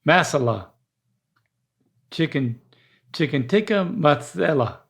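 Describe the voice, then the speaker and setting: A man's voice: on the high side, expressive, gravelly, fairly bright tone. An older man, chatting on a podcast and sounding out words hesitantly. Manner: hesitant, slow to sound out words, easy laughs. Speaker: podcast co-host. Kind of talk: casual podcast chat.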